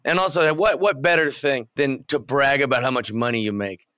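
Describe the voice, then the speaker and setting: A man's voice: medium pitch, normal speed, bright, forceful tone, smooth, no echo, clean studio sound. A man in casual podcast chat, rambling eagerly with many restarts. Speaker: podcast co-host.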